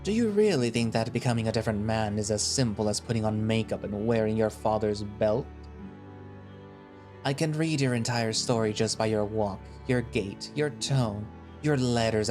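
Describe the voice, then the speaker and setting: A man playing a cold, scornful male settlement leader who speaks slowly and condescendingly, with cutting remarks. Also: fairly low pitch, a little mellow, soft background music, lightly acted. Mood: contemptuous.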